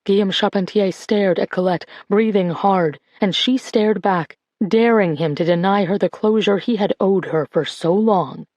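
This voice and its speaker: A woman narrates a novel in a measured, clear voice at an ordinary pitch. The recording is close and dry, with no room sound. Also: a little mellow, dry recording, lo-fi sound. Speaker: audiobook narrator. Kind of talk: scripted narration.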